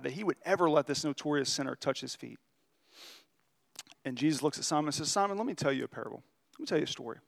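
With some vocal fry in a voice pitched slightly above most men's, a pastor preaches a laid-back, conversational sermon. His tone is earnest and confessional, and he eases his pace to emphasize the crucial moments of a story.

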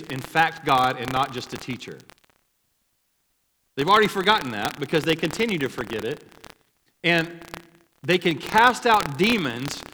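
A pastor giving a conversational sermon, with casual asides and little laughs between points. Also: male voice, a little high, bright, forceful tone, big-room sound, slight background noise, poor audio.

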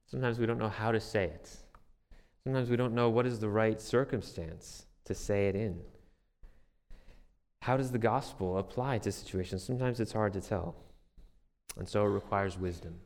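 A man's voice: on the low side, a little mellow, in a large hall. A man preaching a sermon as a pastor, earnest and conversational, with restarts and light self-deprecating humor.

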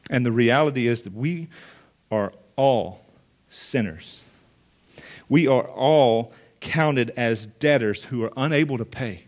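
A man preaches a sermon to a gathered room, earnest and direct. He leans on repetition and restarts to drive each point home, speaking at a middle pitch. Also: slow pace. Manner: earnest, emphatic, repeats phrases for weight. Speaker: pastor. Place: church or meeting room with listeners.

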